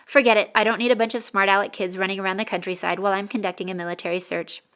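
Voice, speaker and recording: A woman's voice: medium pitch, level tone, very fast, fairly bright tone, smooth, natural voice. A woman voicing a bossy adult male soldier captain who talks down to the children with sarcasm. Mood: mocking. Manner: sarcastic, commanding.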